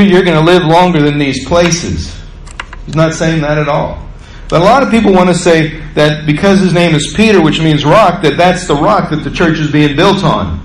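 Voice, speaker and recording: A man delivers an animated sermon, voice pitched a bit above the usual. He throws himself into quoted lines, climbing in pitch and volume. The room is echoey with a faint hum of ambience behind him. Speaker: pastor. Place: church sanctuary.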